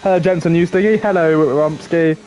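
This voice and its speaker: A man's voice: high voice, steady tone, a little fast, a little mellow, a little hiss or hum. A man co-commentating a sim race on a livestream, laid-back and joking, greeting viewers as he goes.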